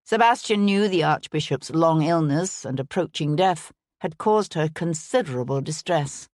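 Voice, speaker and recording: Low-voiced woman reading an audiobook. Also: lively intonation, moderate pace, darkish tone, no room sound, clean studio sound. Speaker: audiobook narrator. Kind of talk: scripted narration.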